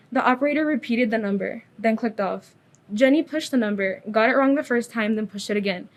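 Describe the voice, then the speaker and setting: A woman reading a story aloud in a steady, plain manner. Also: a little high, fairly quick. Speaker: reader.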